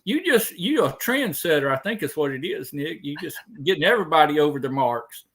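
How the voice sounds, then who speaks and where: A friendly man joins a live stream as a guest and talks in a halting way, restarting his sentences often. His voice sits a little high and sounds bright. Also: expressive. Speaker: guest caller. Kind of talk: casual chat.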